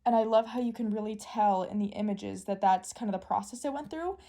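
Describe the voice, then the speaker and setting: A woman in casual, excitable chat, gushing and giggling as she shows off a new deck. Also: mid-range voice, fairly quick. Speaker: tarot deck reviewer.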